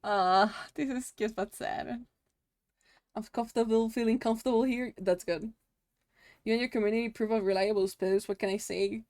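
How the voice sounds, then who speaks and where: A woman live-streaming and chatting casually to her viewers, emotional and quick to laugh, swearing freely. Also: fairly high pitch, steady tone, a little mellow, no room sound, studio quality. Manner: talks to her chat directly. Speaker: livestream host.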